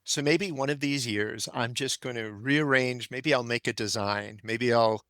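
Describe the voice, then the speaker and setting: A man's voice: medium pitch, a little slow, a bit bright, dry recording. An older man, a gardening expert and guest on a podcast, talking thoughtfully and with firm opinions. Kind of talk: casual conversation.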